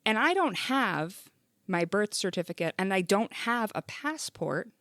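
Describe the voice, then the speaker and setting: A woman hosting a casual podcast interview, animated and playful, reacting with quick exclamations. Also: medium pitch, no room sound, studio quality. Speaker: podcast host.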